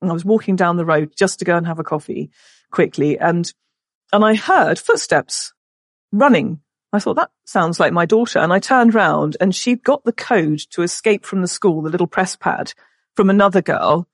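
A woman's voice: lowish voice, lively intonation, no echo, studio quality. Emotional woman telling a family story. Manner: emotional, halting, with many restarts. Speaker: guest. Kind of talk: personal storytelling in a podcast interview.

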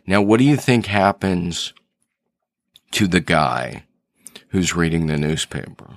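A man's voice: low-pitched, lively intonation, slow, gravelly, long pauses, no echo, clean studio sound. A man hosting a solo podcast as an author, telling stories earnestly and thinking aloud with restarts. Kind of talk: reflective solo podcast talk.

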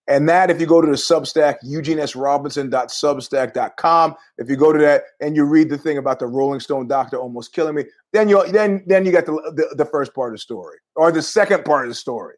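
A man's voice: fairly high pitch, fairly quick. Rambling middle-aged man telling stories. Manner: rambling, jokey storytelling with asides and laughs. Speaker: podcast host. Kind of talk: casual monologue.

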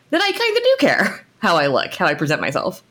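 A woman's voice: fairly low pitch, wildly swooping pitch, moderate pace, a bit bright. An American woman co-hosting a podcast, chatting casually with frequent restarts and laughs. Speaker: podcast co-host, game designer. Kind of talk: casual chat.

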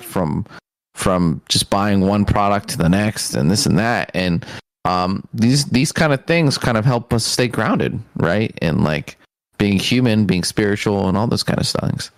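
Low-voiced hesitant male co-host. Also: dry recording. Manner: halting, hesitant, many fillers. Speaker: podcast co-host. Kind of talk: casual chat.

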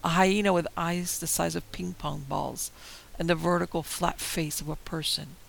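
Gravelly man narrating horror. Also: a little high, steady tone, fairly bright tone, a little hiss or hum, rough recording. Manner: measured, tense storytelling. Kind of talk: scripted first-person horror narration.

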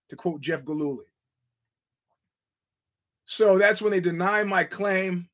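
A man's voice: high-pitched, a little slow, long pauses. A middle-aged man from the United States hosting a podcast, telling stories in a rambling, profane, laughing manner. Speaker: podcast host. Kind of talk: casual monologue.

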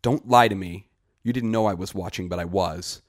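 A man's voice: deep voice, fairly even intonation, moderate pace, dry recording, studio quality. A man reading a short story aloud and voicing a frightened, desperate young village man who speaks earnestly.

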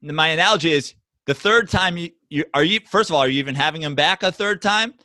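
A man co-hosting a sports podcast, arguing loudly and mockingly, swearing and mimicking others in shouted voices. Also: on the high side, fast, no room sound. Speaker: podcast co-host. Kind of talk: heated sports debate.

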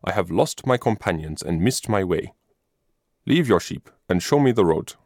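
Storybook nobleman hunter, commanding, low and lively voice, read by a man. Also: moderate pace, no echo, studio quality. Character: lost, hungry nobleman hunter.

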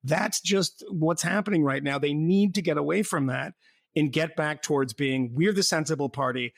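Guy with a gravelly slightly high voice, rambly and sarcastic, laughing a lot, dry close sound. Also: normal speed, no echo. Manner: rambling, sardonic, laughs often. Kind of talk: casual political chat.

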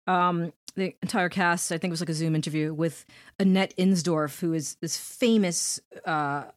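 Low-voiced woman guest telling stories. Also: moderate pace, dry recording, studio quality. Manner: relaxed storytelling, trailing off and laughing. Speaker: guest, novelist and actor. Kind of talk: casual interview chat.

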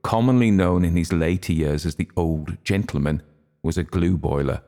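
A man's voice: deep voice, moderate pace, mellow. A man reading a story voices a genial man telling a comic family tale in a playful, mock-grand manner.

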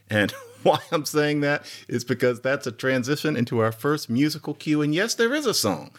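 Chatty man giving a language talk. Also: mid-range voice. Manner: animated and chatty, chuckles now and then. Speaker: podcast host. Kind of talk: informal language lecture.

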